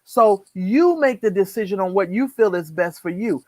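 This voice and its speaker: A woman's voice: medium pitch, expressive, moderate pace, a little mellow, dry recording, poor audio. A woman co-hosting a live-stream chat show, talking in an emphatic way and repeating words when worked up. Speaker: co-host. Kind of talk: casual live-stream commentary.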